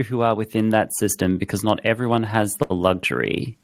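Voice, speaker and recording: A man's voice: lowish voice, steady tone, brisk, creaky, dry recording. A man guest on a podcast, telling stories in a reflective, conversational way and acting out his horse's thoughts. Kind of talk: conversational storytelling.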